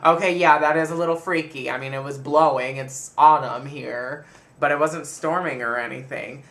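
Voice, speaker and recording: Gravelly, bright-voiced man telling a story. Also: on the high side, moderate pace. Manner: chatty, animated retelling with frequent laughs. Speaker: vlogger. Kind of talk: casual storytelling monologue to camera.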